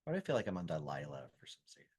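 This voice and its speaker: A male podcast guest who is a judicial candidate, trading quick, wry one-liners in casual chat. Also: very deep voice, big pitch swings, breathy edge.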